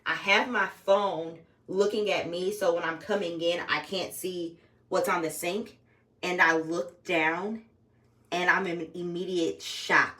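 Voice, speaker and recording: A woman's voice: lowish voice, fairly even intonation, a little slow, bright, forceful tone, far from the mic. A young woman talking casually and candidly to her phone camera at home, swearing freely as she tells a personal story. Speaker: vlogger.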